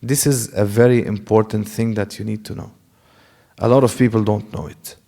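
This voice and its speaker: A man teaching Quran recitation in a class lecture. He asks questions and answers them himself, and he demonstrates Arabic sounds slowly and step by step. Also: on the low side, steady tone, gravelly, warm tone.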